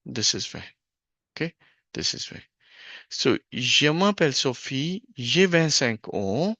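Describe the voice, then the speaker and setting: A man teaching a French grammar lesson from a worksheet, slow and stop-start, often correcting himself, on a dull lo-fi recording. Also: mid-range voice, big pitch swings, bright, forceful tone, no room sound.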